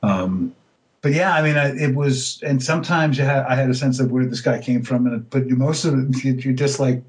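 A man of middle pitch chatting as an interview guest. He tells his stories loosely, stopping and restarting often, with lots of "um"s. He laughs easily along the way. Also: moderate pace, rough recording. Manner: hesitant, many fillers and restarts; relaxed storytelling, laughs easily. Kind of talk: casual interview chat.

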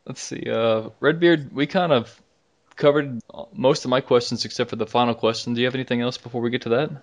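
Male host, relaxed and jokey, leads the interview. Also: medium pitch, brisk. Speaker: podcast host. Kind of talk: casual interview chat.

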